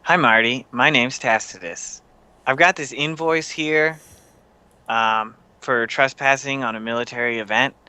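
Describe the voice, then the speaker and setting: A man voicing a calm adult male character who talks politely and in formal wording, a bit distant from the mic. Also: medium pitch, smooth. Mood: measured. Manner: polite, formally worded, measured.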